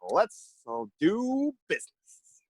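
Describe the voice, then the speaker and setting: A man's voice: high voice, wildly swooping pitch, slow, husky, no echo, clean studio sound, full character voice. A man playing a chatty, boastful skinny hobgoblin in a tabletop game, teasing and rambling. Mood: playful. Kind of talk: tabletop role-play in character.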